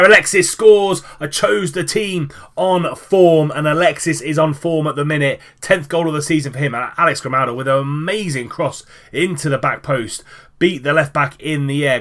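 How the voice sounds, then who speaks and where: A man narrates match highlights from a football management game in an easygoing commentary style. His voice sits at an ordinary middle pitch, and he often stops for fillers and restarts before picking up with excitement. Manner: casual, lively with frequent fillers and restarts. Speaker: gaming commentator.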